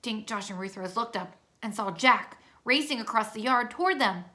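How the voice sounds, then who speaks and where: Woman narrator for a kids' chapter book read-aloud: steady, clear delivery, bright tone. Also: on the high side, normal speed.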